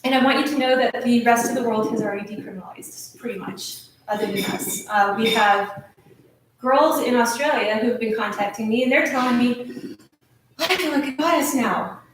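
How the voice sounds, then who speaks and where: A woman's voice: fairly high pitch, moderate pace, noisy background. A woman giving an earnest, nervous speech at a meeting, with restarts and little laughs, recorded in a hall from a distance. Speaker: speaker at a meeting. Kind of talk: emotional speech. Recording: echoey room recorded from a distance.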